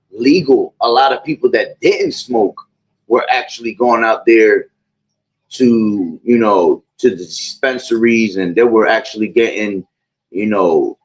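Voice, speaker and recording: A man's voice: lowish voice, lo-fi sound. A man hosting religious commentary, talking in a rambling way with many fillers like "you know" and "all right". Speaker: host of a religious talk channel. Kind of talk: preaching commentary.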